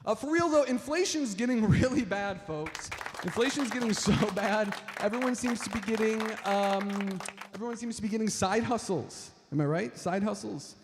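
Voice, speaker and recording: A man's voice: sits high, lively intonation, moderate pace. A man doing a stand-up comedy set on stage, rambling with lots of fillers and talking to the audience as folks. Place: stage before a live audience. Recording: reverberant hall with crowd and noise.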